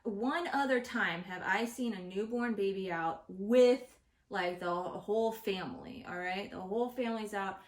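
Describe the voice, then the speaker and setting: A woman rants exasperated to her audience, swearing freely in a casual opinion vlog. Her voice sits at an ordinary middle pitch. It carries an echoey room sound from a home recording. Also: normal speed, hardly any pauses. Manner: profane, exasperated ranting. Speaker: vlogger host. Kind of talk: casual opinion rant to camera. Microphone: home recording setup.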